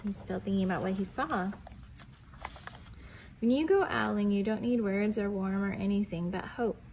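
A young woman reading a picture book aloud to preschoolers in a gentle storytelling voice, stopping to ask the children questions and dropping to a whisper on the quiet lines. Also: medium pitch, normal speed, a little hiss or hum, rough recording.

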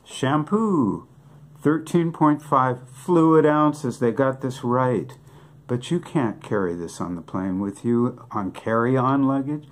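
A man's voice: mid-range voice, expressive, slow, slight background noise. An older man doing a joking comic monologue, asking rhetorical questions and answering them himself in a wry way. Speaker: comic songwriter.

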